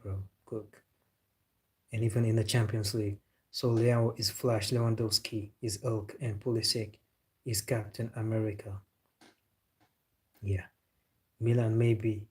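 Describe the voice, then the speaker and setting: A man's voice: lowish voice, darkish tone, slightly rough. A man from Senegal hosting a football live stream. He chats casually, answers viewer comments, jokes and says "bro" a lot. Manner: laid-back, joking, says "bro" often.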